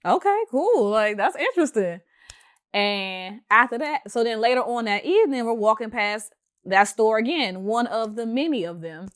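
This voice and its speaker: A young woman tells a story on her podcast in a casual, lively chat. She laughs easily and acts out what other people said, in a voice that sits a little high. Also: moderate pace, clear, resonant tone. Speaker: podcast host.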